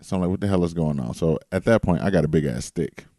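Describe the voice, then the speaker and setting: A low-voiced man with a dark, mellow tone, co-hosting a casual podcast. He tells his stories in a loose, animated way and swears freely. The sound is dry and close. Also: quick pace, dry recording. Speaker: podcast co-host. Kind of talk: casual storytelling chat.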